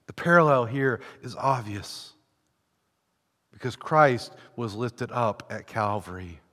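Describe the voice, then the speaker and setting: A man preaching a sermon in a church, fervent, swelling from hushed passages to ringing declarations. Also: medium pitch, animated, takes it slowly. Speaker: pastor. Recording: long reverb of a large church hall.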